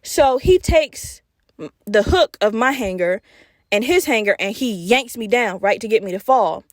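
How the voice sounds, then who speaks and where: A woman's voice: fairly high pitch, normal speed, no room sound, studio quality. A woman in her twenties hosting a podcast, telling a story animatedly, cursing freely and talking straight to her listeners. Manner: animated, profane, addresses listeners directly. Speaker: podcast host. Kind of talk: casual storytelling.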